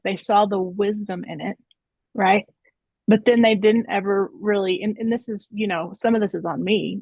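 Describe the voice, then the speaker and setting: A woman's voice: mid-range voice, dry recording. A woman in her thirties or forties, talking earnestly in a casual round-table discussion and telling stories with many restarts. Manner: earnest, storytelling, frequent restarts and "right?". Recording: dull lo-fi dry sound.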